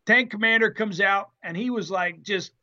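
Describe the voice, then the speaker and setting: A former Marine telling an animated story in an interview, acting out the quotes with salty language. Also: male voice, sits high, normal speed, dull audio. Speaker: guest, former Marine tank driver.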